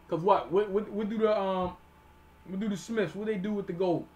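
Man, high voice, sermon teaching, slow verse reading, plain explanations, keeps checking in with listeners. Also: a little mellow. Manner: reads verses slowly then explains in plain street talk; repeats "all right?" to check on listeners.

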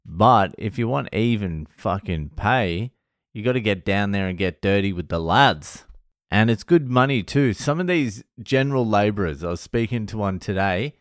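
A man's voice: lowish voice, no room sound, clean studio sound. A middle-aged Australian man telling a rambling story in a casual monologue vlog, blunt and full of swearing. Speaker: vlogger.

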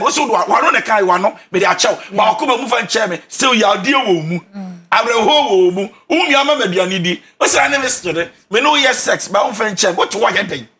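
A Ghanaian man giving relationship counseling, with a high, bright voice that swoops widely in pitch. He talks emphatically, like a preacher, and drives his points home by repeating them. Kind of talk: animated counseling talk.

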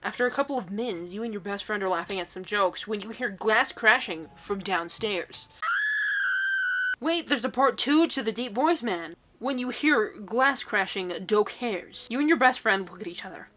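A woman's voice: mid-range voice, lively intonation, moderate pace, fairly bright tone, raised voice, a little hiss or hum. A woman in her twenties, a YouTuber reading social media posts aloud and reacting to them with sarcasm and incredulous outbursts. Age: 20s.

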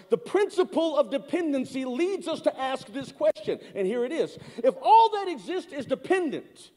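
Emphatic high-voiced pastor in reverberant church. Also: male voice. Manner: call-and-response with the congregation; swings from loud emphatic lines to low slow ones. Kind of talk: sermon. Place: large church hall. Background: congregation.

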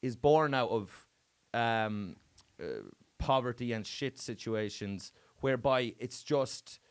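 A man's voice: mid-range voice, slow, clear, resonant tone. A man with an Irish accent, a comedian chatting casually as a guest and telling stories, swearing freely with bursts of emphasis. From Ireland. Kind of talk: casual chat.

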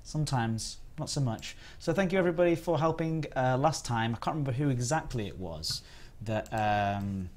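A man's voice: medium pitch, lively intonation, moderate pace, a little mellow. A man chatting and joking on a live stream as he reviews biscuits, rambling with restarts. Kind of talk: casual live-stream chat.

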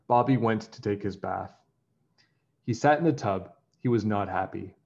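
A man reading a children's picture book aloud in an animated storytelling way. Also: on the low side, moderate pace, vocal fry, lo-fi sound.

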